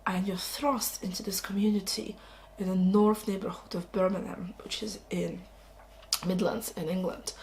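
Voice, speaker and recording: Talking on a camera mic from home, a woman gives a relaxed review of her recent reads, exclaiming with enthusiasm as a book vlogger. She speaks at medium pitch and moderate pace with fairly even intonation, over a little background noise.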